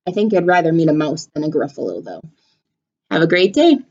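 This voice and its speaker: Animated woman teacher reading aloud. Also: low voice, fairly quick, muffled recording. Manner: animated, expressive. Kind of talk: storybook read-aloud for children.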